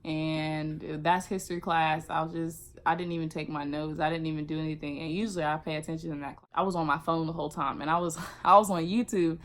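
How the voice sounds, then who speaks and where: A young woman vlogger telling a casual storytime, animated and acting out what people said. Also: low voice, a little fast, few pauses. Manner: animated, acts out quotes.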